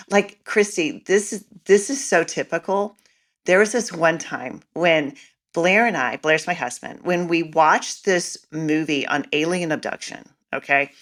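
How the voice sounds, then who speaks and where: A woman guest, a mom coach, telling stories in an animated, dramatic way during a casual interview. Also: lowish voice.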